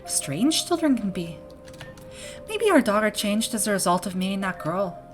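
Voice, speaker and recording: A woman's voice: medium pitch, very animated, moderate pace, faint music behind, pitched above the performer's own voice, natural voice. A woman reading the lines of a chatty small-town parent in a video game, in a put-on Minnesota accent that drifts into Irish. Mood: gossipy, fretful. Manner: folksy, gossipy, talkative. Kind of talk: reading game dialogue aloud.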